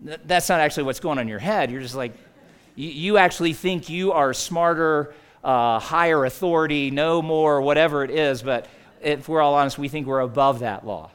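Male pastor, sermon delivery, chatty, somewhat high-pitched, big swings in volume. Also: moderate pace, clean tone. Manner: conversational, swings from loud emphasis to quiet intimacy.

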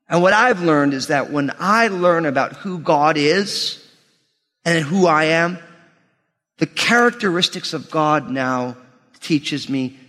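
High-voiced male preacher in a reverberant hall. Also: normal speed. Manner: animated, rising to shouts and dropping to near whispers; humorous asides to the congregation. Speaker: pastor. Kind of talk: sermon.

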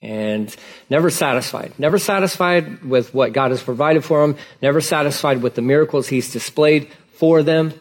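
Casual, animated male pastor preaching. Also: fairly high pitch, normal speed. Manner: casual, conversational preaching with animated acted-out dialogue. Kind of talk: sermon.

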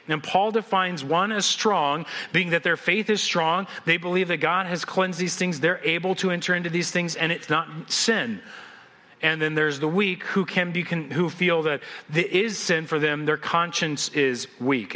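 Bright, high-voiced male pastor preaching. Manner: animated storytelling with quick restarts. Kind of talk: sermon.

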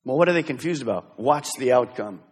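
A middle-aged man, a pastor, preaching a sermon with emphatic swings between loud exhortation and hushed intensity in a church. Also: medium pitch, lively intonation, a little fast, breathy edge, big-room sound. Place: church sanctuary.

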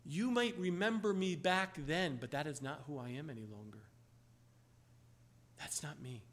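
A man doing a low, hushed, resolute man. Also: normal speed. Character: resolute man turning from his past.

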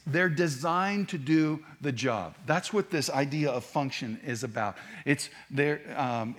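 A man's voice: a little high, a bit bright. Man preaching a conversational sermon. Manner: conversational preaching with asides and restarts. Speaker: pastor.

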